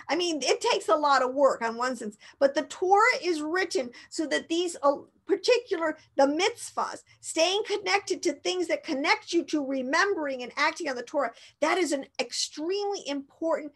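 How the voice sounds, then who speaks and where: Woman Bible teacher, high voice, rambling and emphatic. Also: animated, moderate pace, few pauses, fairly bright tone. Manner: rambling, emphatic, with frequent restarts and laughs. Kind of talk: informal teaching talk.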